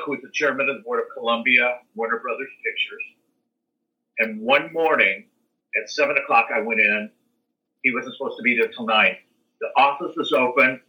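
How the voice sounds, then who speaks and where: An older American man, an interview guest, telling a long story in a casual, animated way. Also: medium pitch, highs cut off. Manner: animated storyteller, acts out quotes and sings dance beats.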